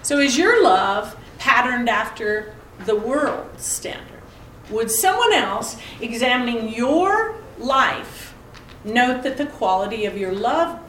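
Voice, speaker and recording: A middle-aged woman teaches a conversational Bible lesson, posing pointed rhetorical questions and sharing family anecdotes. Her voice is on the high side and fairly bright, picked up by a distant mic in an echoey room with a little hiss or hum.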